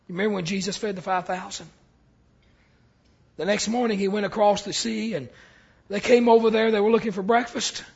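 A man preaching a sermon as pastor, telling stories and stumbling over repeated words before building to loud, emphatic calls. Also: sits high, steady tone, a little fast, creaky, pauses often, husky, muffled recording.

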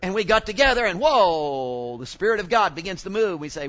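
A man preaching a sermon in an animated way, often exclaiming and asking the congregation questions. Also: sits high, a little fast, highs cut off.

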